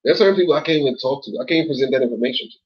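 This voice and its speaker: A man hosting an online show in loose, casual commentary, rambling in slang with lots of swearing and sudden jumps up in pitch when he gets worked up. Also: animated, very fast, husky. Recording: dull lo-fi sound.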